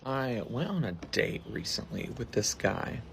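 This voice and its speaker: A man's voice: mid-range voice, sing-song, measured pace, gravelly, a little hiss or hum. A man recounting a bad date in an exasperated storytime. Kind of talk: storytime narration.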